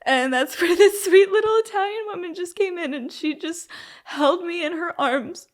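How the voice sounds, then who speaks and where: An extremely high-pitched young woman talks at normal speed as an interviewee recounting her own story. Openly emotional and frank, she rambles, repeatedly saying "like" and starting over.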